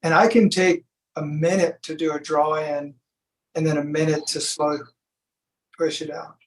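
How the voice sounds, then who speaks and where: Man, slightly high voice, laid-back, storytelling, casual interview guest. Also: little pitch movement, measured pace, low-quality recording. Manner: laid-back, storytelling, says "you know" often. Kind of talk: relaxed conversational interview. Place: from Sacramento.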